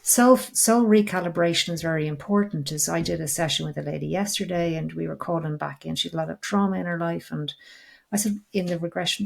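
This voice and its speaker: Low gravelly woman, earnest storyteller. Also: fast talker. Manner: earnest, animated storytelling, acts out dialogue. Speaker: podcast host, regression practitioner. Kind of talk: conversational interview.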